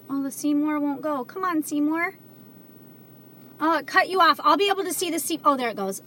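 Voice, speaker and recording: A woman with a slightly high voice chats casually with viewers on a livestream. She speaks earnestly, with plenty of ums and likes. A faint hiss of noise sits behind her. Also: brisk, bright, forceful tone. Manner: earnest, chatty, many fillers. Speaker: livestream host selling CBD.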